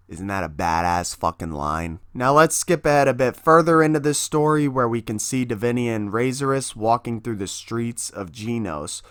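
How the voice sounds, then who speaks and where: A man's voice: mid-range voice, fairly bright tone, dry recording, studio quality. A man casually promoting his own comic book, hyped and swearing constantly as he talks.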